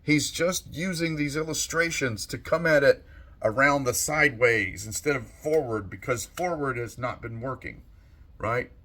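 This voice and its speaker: A man giving a slow, thoughtful monologue as a channel host, soft-spoken and unhurried. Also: mid-range voice. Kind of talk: reflective monologue.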